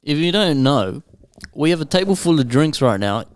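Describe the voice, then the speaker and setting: A man's voice: on the high side, big pitch swings, normal speed, no room sound, studio quality. A young man co-hosting a podcast, ribbing a friend with enthusiastic swearing. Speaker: podcast co-host. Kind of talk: casual banter among friends.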